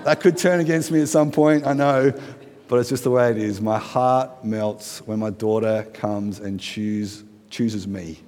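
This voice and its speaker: A man in his thirties preaching a sermon in a relaxed, conversational way, asking his listeners questions and adding light humorous asides. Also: lowish voice, a little slow. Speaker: pastor. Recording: long hall reverb.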